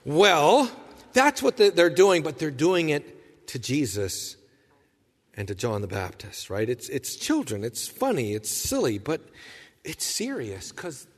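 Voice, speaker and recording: Animated preacher in a reverberant hall. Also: male voice, a little high, slow pace. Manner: animated storyteller, acts out quoted voices. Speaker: pastor. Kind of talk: sermon.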